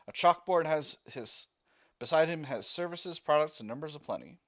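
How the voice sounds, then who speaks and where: A man playing a text-based war game, reading the narration aloud and thinking out loud as he picks options. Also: a little high, animated, moderate pace. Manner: reads narration, thinking aloud with fillers and restarts. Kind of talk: let's-play narration.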